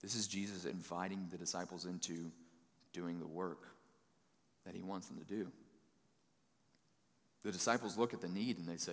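Casual preacher in a reverberant hall. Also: male voice, low-pitched, fairly even intonation, moderate pace, long pauses. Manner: conversational, folksy paraphrasing of scripture. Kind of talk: sermon.

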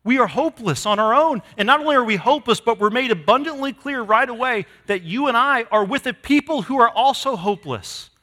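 A man preaching a sermon to his congregation, emphatic, swinging from loud declarations to hushed lines. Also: very high voice, animated, fairly quick, few pauses. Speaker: pastor. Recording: long hall reverb.

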